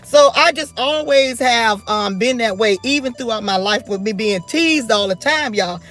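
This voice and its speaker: A woman's voice: sits high, fairly bright tone. A woman in her forties talking straight to camera in an unscripted rant, blunt, defiant and emphatic. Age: 40s. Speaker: vlogger.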